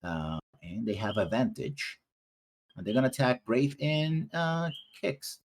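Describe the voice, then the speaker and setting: A man running a tabletop game as game master, narrating haltingly with many fillers. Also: medium pitch, very animated. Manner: halting, many ums and uhs while narrating.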